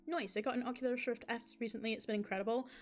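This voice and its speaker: A woman's voice: fairly high pitch, steady tone, quick pace, soft background music. A woman streaming a game live, reading the story aloud and chatting with viewers in a casual, laughing way. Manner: chatty, laughs, asides to chat.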